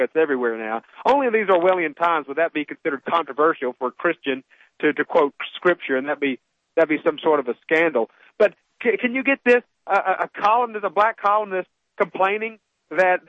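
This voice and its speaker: A male talk radio host with a high, keyed-up voice that rants and stumbles through heated commentary. The sound is dry and dull, like lo-fi broadcast audio. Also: no echo. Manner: heated, ranting, many restarts.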